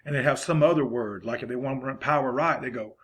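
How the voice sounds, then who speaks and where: A man talks through football strategy in a relaxed, conversational lesson. His voice is husky and sits at an ordinary pitch for a man. He wanders between points in a folksy, rambling manner. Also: fast. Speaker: football coach. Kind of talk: informal coaching lesson.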